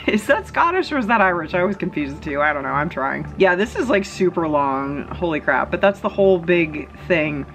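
A woman's voice: lowish voice, sing-song, normal speed, a bit bright, soft background music, rough recording. A woman vlogger giving casual, rambling commentary full of chatty asides and fillers.

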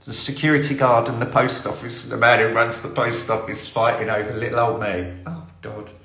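A lonely, deluded old lady who rambles on, giggles coyly and mangles her proverbs, as a man plays her. Her voice sits in an ordinary middle pitch for a man. The echo of a roomy space hangs around every word. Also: fairly even intonation, brisk, vocal fry, pushed and bright. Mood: flirty. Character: lonely, deluded older woman smitten with post office staff. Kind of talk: improvised comic character monologue. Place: indoor room on a live stream.

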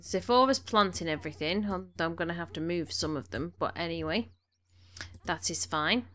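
Her voice is on the low side, bright and forceful, at a normal speed. She chats through casual gameplay at home, ordering her characters around and sounding slightly snuffly from allergies.

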